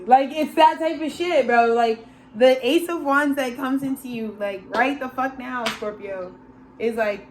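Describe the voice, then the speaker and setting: A woman's voice: sits high, measured pace, a little hiss or hum. A woman giving a casual, channeled tarot reading, slangy and loose, calling listeners bro and laughing often. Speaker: tarot reader.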